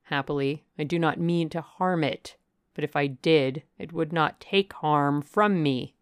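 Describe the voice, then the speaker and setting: Brooding passionate gentleman, read by a woman, forceful, declamatory, dry close sound. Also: deep voice, a little slow, clear, resonant tone, no echo. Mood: musing. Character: brooding, passionate gentleman, middle-aged man. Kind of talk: audiobook character reading.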